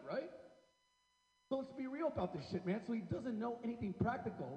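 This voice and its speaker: A man's voice: extremely high pitch, dark tone. A man doing a rambling, profane stand-up comedy set on a club stage, tacking "man" onto nearly every line. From Seattle area. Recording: dull, echoey hall recording.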